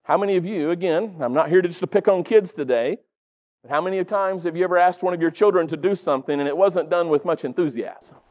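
A middle-aged male preacher with a notably high voice, talking a sermon through in an easy, conversational way. He keeps turning to the congregation with quick questions. The recording is dull and lo-fi.

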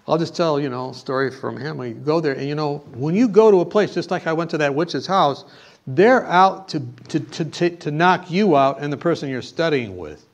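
Animated male preacher telling a story. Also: fairly high pitch, normal speed, gravelly. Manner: animated storyteller, rising to emphatic exhortation. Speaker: pastor. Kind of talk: sermon with storytelling.

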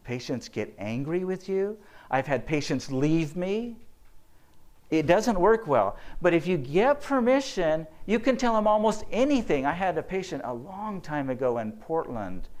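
A physician with a fairly high, a little mellow voice and big pitch swings speaks a little slowly. He gives a faith-based lecture to health workers, earnestly telling stories and acting out the quotes.

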